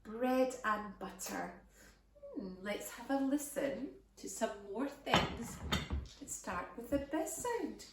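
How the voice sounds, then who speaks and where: A woman teaching phonics to toddlers in a slow, exaggerated sing-song way. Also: fairly high pitch, roomy sound, far from the mic, noisy background. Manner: very slow, exaggerated and animated, stretching words.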